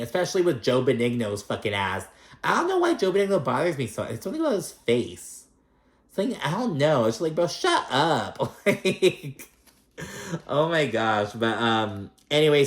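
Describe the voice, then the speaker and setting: A man casually recapping a reality show, swearing freely and acting out what the cast members said. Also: mid-range voice. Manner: profane, animated, acts out quotes. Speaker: host. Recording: echoey room.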